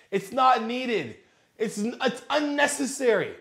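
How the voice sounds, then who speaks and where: Blunt, high-voiced fitness coach in echoey room. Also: male voice, expressive, moderate pace. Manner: blunt and exasperated, with casual swearing. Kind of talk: fitness critique commentary.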